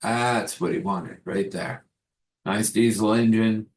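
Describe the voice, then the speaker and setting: A man gently telling a spiritual story and giving a blessing, unhurried and soft-spoken. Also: lowish voice. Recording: roomy echo.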